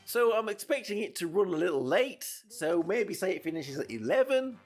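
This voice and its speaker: High, lively man streaming. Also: moderate pace, faint music behind. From United Kingdom. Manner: rambling, chatty, with frequent restarts. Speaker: VTuber streamer. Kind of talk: casual gameplay commentary.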